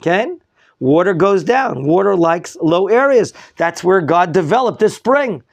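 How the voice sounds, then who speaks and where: Male teacher, kinda high raspy voice, quizzing his class, dry close sound. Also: measured pace, dry recording. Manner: lively teacher, quizzing students, mixing in Hebrew terms. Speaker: rabbi teaching a Torah class. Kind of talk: classroom Bible lesson.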